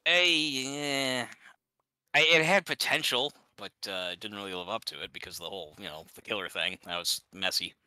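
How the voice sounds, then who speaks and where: A man's voice: on the low side, normal speed, bright, forceful tone, smooth, no room sound, low-quality recording. A man chatting casually while gaming, ranting with exasperation and many restarts. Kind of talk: casual chat.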